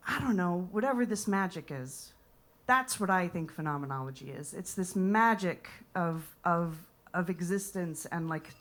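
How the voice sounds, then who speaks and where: A young American woman performing a rambling, playful stand-up set. She talks straight to the audience and drops into whispered asides. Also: mid-range voice. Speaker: comedian and improviser. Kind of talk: stand-up set at a live comedy night.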